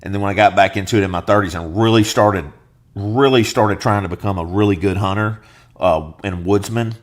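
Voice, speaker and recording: A middle-aged man hosting a podcast, talking casually and rambling, low and soft when serious, playful with silly put-on voices. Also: a little fast. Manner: rambling, jokey, slips into high silly voices for bits. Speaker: podcast host.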